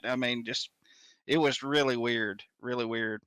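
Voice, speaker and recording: A man's voice: mid-range voice, steady tone, moderate pace, fairly bright tone, smooth, no echo. A man co-hosting a casual podcast, telling a personal story in a chatty, rambling way. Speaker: podcast co-host. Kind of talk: casual chat.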